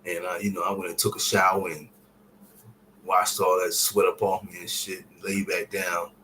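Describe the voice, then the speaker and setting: Low-voiced man telling a raw personal story. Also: little pitch movement, moderate pace, slight background noise, poor audio. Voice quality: casual, profane street-style speech. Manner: drops to near-whispers and rises to shouts while retelling. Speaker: vlogger sharing a personal story. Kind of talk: emotional personal storytelling to camera.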